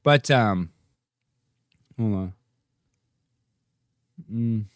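A man's voice: drawn-out words, no echo, clean studio sound. Rambling joking male livestream host. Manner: rambling, jokey, swings into goofy high-pitched bits. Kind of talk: casual livestream rant.

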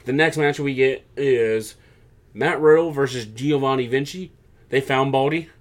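A man talking casually as a show co-host, recapping events with animated, rambling energy. He fills his speech with likes and restarts, at an ordinary mid pitch. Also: measured pace. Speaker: podcast co-host. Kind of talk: casual chat.

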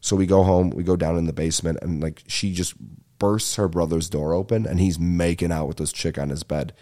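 A young man with a deep, mellow voice hosts a comedy podcast. He tells long, winding stories thick with swearing, fillers and sudden tangents. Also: steady tone, brisk. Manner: profane, meandering, lots of fillers and asides. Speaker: podcast host. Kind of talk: rambling comedic storytelling.

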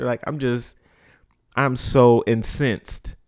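A man hosting a podcast, telling a personal story in a casual, animated way, acting out what people said and swearing freely. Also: medium pitch, normal speed, no echo, clean studio sound. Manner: animated, profane, acts out quotes. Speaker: podcast host.

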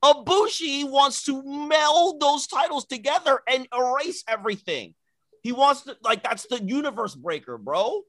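A man co-hosting a casual talk show, chatting loosely and working himself up into loud, excited rants. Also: extremely high pitch, moderate pace, dry recording. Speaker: podcast co-host. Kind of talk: casual chat.

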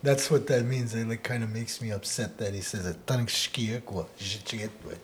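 A man co-hosting a casual podcast, talking in a relaxed way and often ending his sentences with "eh?", growing loud and laughing when he tells stories. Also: on the low side, fairly quick, slight background noise. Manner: laid-back, ends phrases with "eh?", turns loud and laughing when telling stories. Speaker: podcast co-host teaching Odawa. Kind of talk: casual conversational chat.

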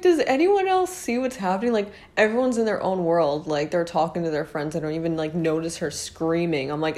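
Chatty young woman, slightly low voice. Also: darkish tone. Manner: chatty, rambling, full of fillers and asides to viewers. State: losing her voice. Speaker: vlogger telling a personal story. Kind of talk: casual storytime monologue.

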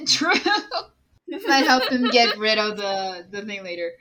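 A woman playing a character in a tabletop game, talking in a slow, playful way and often laughing. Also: medium pitch, expressive, over a noisy crowd. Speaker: player.

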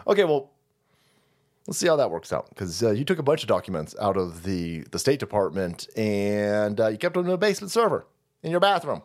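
A man's voice: fairly low pitch, very animated, moderate pace. A man hosting a livestream, ranting in a profane, sarcastic way and often laughing. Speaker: livestream host.

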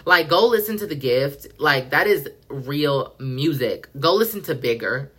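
A woman's voice: low-pitched, lively intonation, unhurried, a bit bright, husky. A woman hosting a podcast in casual pop culture chat, effusive and profane, acting out quotes dramatically. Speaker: podcast host.

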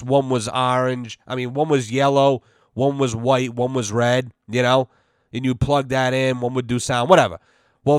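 A man's voice: medium pitch, clear, resonant tone, no room sound, studio quality. A man from Massachusetts hosting a podcast, telling a story casually in a rambling way with plenty of swearing and fillers. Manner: rambling, profane, heavy use of fillers. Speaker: podcast host.

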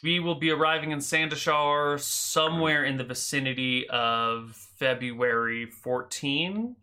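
A male game master narrates a tabletop game in a relaxed, halting way and often stops to search for the next word. His voice sits a little high and sounds bright and crisp. The tone stays casual throughout. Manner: relaxed, hesitant with fillers.

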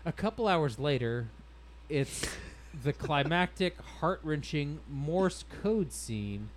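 A man's voice: fairly high pitch, animated, slow, poor audio. A man hosting a casual podcast, reading stories aloud in a wry, amused way and laughing as he goes. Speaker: podcast host.

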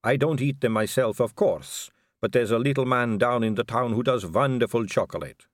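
A man's voice: medium pitch, moderate pace, dry recording, clean studio sound, natural voice. A man voicing a poised, middle-aged female vampire aristocrat, polite and gracious with a light teasing edge.

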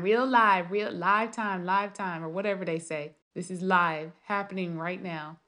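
Woman writer rambling to herself late at night, lots of restarts, just thinking out loud. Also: mid-range voice, fairly even intonation, unhurried, few pauses. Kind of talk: casual late-night monologue.

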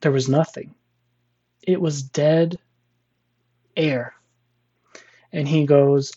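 Man, storyteller guest, mellow tone, rambling delivery with fillers, dull lo-fi recording. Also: on the high side, steady tone, extremely slow, long pauses, slightly rough. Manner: rambling, many fillers and restarts. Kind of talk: casual spoken storytelling.

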